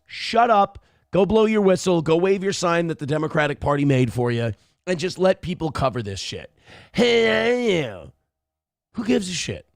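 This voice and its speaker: A man's voice: on the high side, no echo, clean studio sound. A man hosting a morning show, giving blunt, profane political commentary in a ranting way. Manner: blunt, ranting, swears often.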